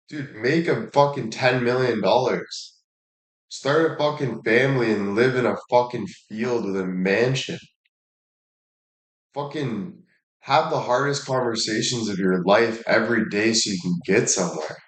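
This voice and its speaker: A man's voice: medium pitch, measured pace. A man talking in a casual monologue, blunt and emphatic, swearing heavily and repeating himself for emphasis. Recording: echoey room.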